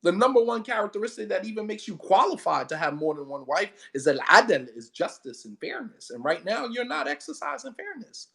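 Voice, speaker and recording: A man's voice: high-pitched, sing-song, fairly quick, gravelly, few pauses, bright, forceful tone. Male preacher, emphatic sermon delivery, blunt, repeats key lines, laughs between points. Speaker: Islamic preacher. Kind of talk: impassioned sermon.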